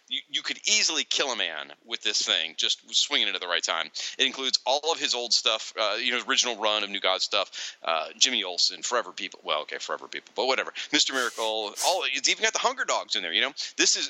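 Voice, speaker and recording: A male podcast co-host chatting casually about comics, joking and laughing often. His pitch swoops widely and his voice is very bright. The delivery is loose and animated. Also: no room sound, low-quality recording.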